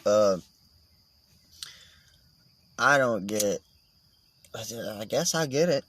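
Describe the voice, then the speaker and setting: A man's voice: lowish voice, animated, slow, a bit bright, a little hiss or hum. A man vlogging in a casual, meandering monologue, swearing and joking as he goes.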